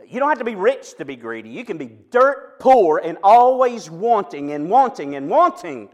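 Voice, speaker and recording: Male pastor, 50s, animated sermon voice that pitches high and moves a lot, folksy stories. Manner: animated, storytelling preacher with asides and quick jokes.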